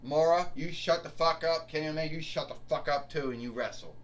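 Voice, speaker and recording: A man's voice: fairly high pitch, fairly quick, natural voice. A man voicing a bossy female villain boss who gives curt orders in a toy wrestling story. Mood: commanding. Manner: curt, commanding.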